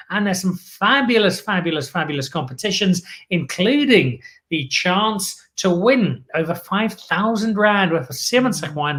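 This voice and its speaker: A man's voice: sits high, a bit bright. A man from Zimbabwe hosting a wine show, wrapping up with viewer comments and an enthusiastic sign-off that repeats words for emphasis. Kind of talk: live show wrap-up and sign-off.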